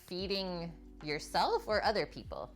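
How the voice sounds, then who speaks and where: A woman with a lowish, animated voice hosts a live cooking stream from her home kitchen, speaking at a measured pace. Between steps she chats with viewers and reads their comments aloud, with soft music playing behind her.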